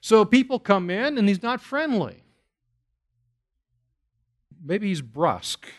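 A man's voice: high voice, sing-song, slow pace. A man preaching an expository sermon, emphatic, repeating phrases and asking rhetorical questions. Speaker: pastor.

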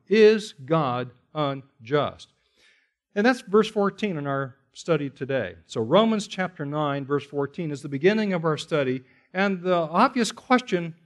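A man teaching a Bible study sermon, emphatic, repeating key phrases and asking rhetorical questions. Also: high-pitched. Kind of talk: expository sermon.

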